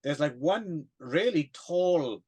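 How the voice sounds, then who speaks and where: Man, fairly high voice, casual podcast chat, rambling, hesitant, self-deprecating. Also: lively intonation, slow, a little mellow, breathy edge. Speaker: podcast co-host.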